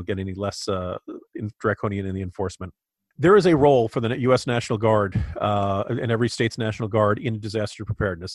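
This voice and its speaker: Podcast co-host, male, lowish pitch, opinionated and exasperated, dry studio sound. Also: no room sound. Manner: opinionated, indignant, with frequent restarts. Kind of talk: casual political commentary.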